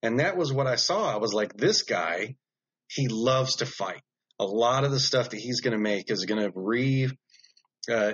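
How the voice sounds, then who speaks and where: A man who makes knives, telling stories as a podcast guest in a blunt, animated way with lots of fillers. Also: fairly low pitch, lo-fi sound. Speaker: knife maker guest. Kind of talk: casual podcast storytelling.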